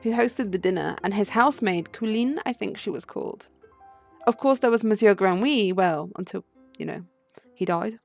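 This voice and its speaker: A woman's voice: medium pitch, moderate pace, vocal fry, soft background music, lightly acted. A woman voicing a pampered young noble cat lady, prim and genteel, reading for a video game.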